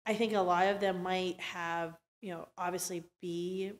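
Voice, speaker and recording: A woman's voice: on the low side, fairly even intonation, unhurried. A woman hosting a podcast interview, chatty and opinionated, with many "like" fillers. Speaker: host.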